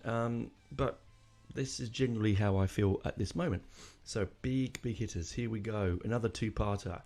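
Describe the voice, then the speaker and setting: A man's voice: on the low side, moderate pace, darkish tone. A man hosting a casual music podcast, rambling and emotional, with lots of fillers and restarts. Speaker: podcast host.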